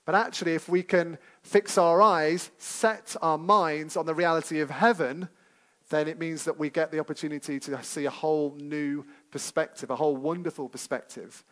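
A man's voice: a little high, steady tone, normal speed, fairly bright tone. A man preaching a sermon to a congregation in a church service, talking conversationally and putting questions to his listeners.

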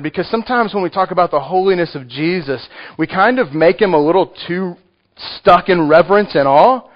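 A man with a Texan accent preaching a sermon, conversational and joking with the congregation. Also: on the high side. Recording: muffled lo-fi recording.

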